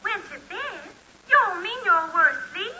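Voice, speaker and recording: A woman's voice: very high-pitched, animated, normal speed, pushed and bright, lo-fi sound, full character voice. A coy Southern teen girl. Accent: American Southern. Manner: sweet, coy drawl. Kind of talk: 1940s radio sitcom acting. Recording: noisy scratchy 1940s radio recording.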